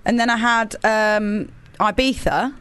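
A woman's voice: fairly high pitch, takes it slowly, a crowd in the background. Bubbly woman radio host. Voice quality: bubbly, giggly, chatty. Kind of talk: casual radio banter.

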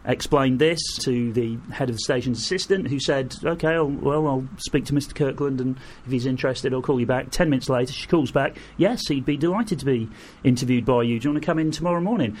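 Man telling animated anecdotes. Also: mid-range voice, a little fast, a little hiss or hum. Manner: animated anecdotes, acts out quoted voices, laughs through. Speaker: guest. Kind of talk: storytelling in an interview.

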